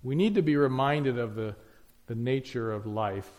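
A man's voice: mid-range voice, normal speed, a little mellow, dull audio. A man preaching a sermon, emphatic, piling up lists and rhetorical questions.

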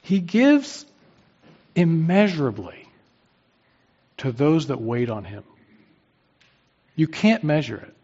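A man preaching a sermon, swinging from quiet low lines to emphatic, rising peaks. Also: sing-song, takes it slowly, long pauses, breathy edge, highs cut off.

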